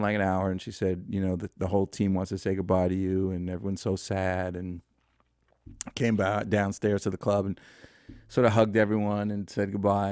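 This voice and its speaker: A man in his fifties with a low, deep voice tells a long story as a podcast guest. He rambles through it with many fillers and restarts. The sound is dry and close, with no room echo. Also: a little mellow.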